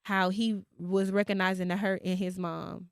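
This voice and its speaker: A woman podcast host, telling a story in casual chat and quoting others in a lowered voice. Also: flat delivery, moderate pace, creaky, no echo, studio quality.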